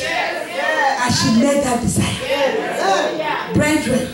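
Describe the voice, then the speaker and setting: A woman preaching a fervent sermon, acting out pleading voices with bursts of shouting. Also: high-pitched, sing-song, unhurried, over music. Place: large church hall. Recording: echoey church hall, voice from a distance, audience audible.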